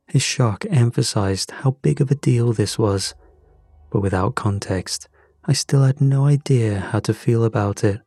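A man narrating a first-person thriller story in a measured, tense, deliberate way. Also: mid-range voice, mellow, breathy edge, no room sound, studio quality. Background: faint music.

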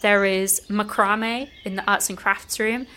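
A woman's voice: medium pitch, a little slow, clear, resonant tone. Woman game master narrating a forest trek. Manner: relaxed, descriptive, frequent "like" fillers.

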